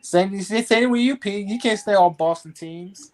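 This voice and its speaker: A man from California joins a casual sports chat. His voice sits a little high, and he agrees readily, restarts often and repeats his points. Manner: agreeable, with quick interjections and repeats.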